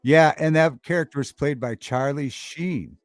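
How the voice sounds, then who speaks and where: A man's voice: a little high, a little slow, dry recording, soft background music. Chatty livestream host man, dry close sound. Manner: chatty and rambling, repeats movie quotes with relish. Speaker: livestream talk show host. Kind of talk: casual chat, reading live chat aloud.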